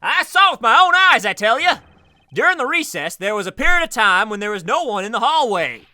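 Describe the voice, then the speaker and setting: A man voicing a loud, excitable elderly male judge for a fan voice-over of a game. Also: fairly quick, dry recording, studio quality, full character voice. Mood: insistent. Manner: loud, high, exclaiming.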